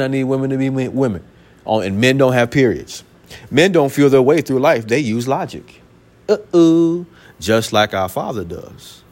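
A man's voice: mid-range voice, a little mellow. A man preaching a sermon from the pulpit, emphatic and colloquial, repeating his points and firing off rhetorical questions. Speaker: pastor.

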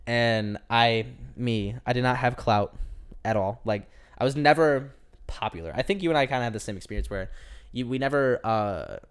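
A young man with a mid-range, smooth, expressive voice tells a long personal story at a moderate pace in casual chat. He rambles, says "like" constantly, and acts out what people said.

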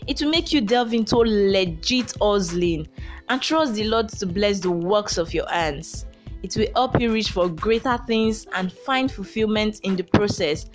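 A woman's voice: medium pitch, lively intonation, a little slow, faint music behind. A young Nigerian woman hosting a Christian podcast, talking emphatically and preaching at times. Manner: emphatic, preachy, shouting at times with bursts of laughter. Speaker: podcast host. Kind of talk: motivational Christian podcast talk.

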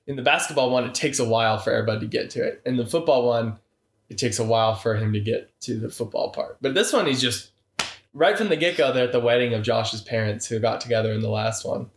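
A man's voice: mid-range voice, fast talker, roomy sound. A man co-hosting a casual movie review podcast, talking animatedly and slipping into mock voices. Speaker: podcast co-host.

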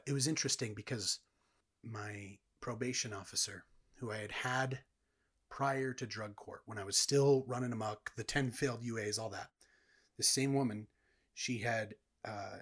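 A man's voice: lowish voice, fairly bright tone, breathy edge. A man earnestly telling his personal testimony as a guest in a conversation. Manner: earnest, reflective storytelling.

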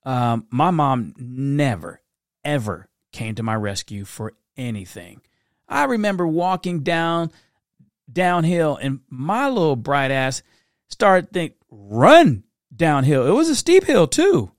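A middle-aged man telling animated parenting stories in a casual monologue, breaking into quick impressions. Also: a little high, no room sound, studio quality. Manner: animated storytelling with impressions and laughs. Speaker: parent giving advice.

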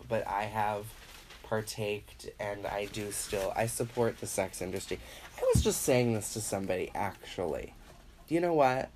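A man with a fairly low voice talks through a loose comic monologue as a podcast host. He swears easily, slips into mocking voices for other people, and gets louder as a rant builds. A faint noise sits under the recording. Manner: rambling, profane, acts out voices of others; animated, grows louder when worked up. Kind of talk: casual comedic monologue.

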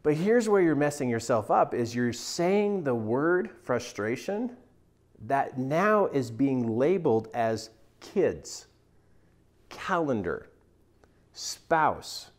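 Male mindset coach, slightly high voice, very lively pitch, emphatic teaching delivery. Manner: animated, emphatic teaching with acted-out quotes. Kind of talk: motivational talk at a whiteboard.

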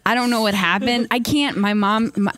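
A woman's voice: a little high, fairly even intonation, normal speed, a bit bright, no room sound. A woman chatting casually on a podcast, telling a story in a rambling, self-interrupting way. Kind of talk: casual chat.

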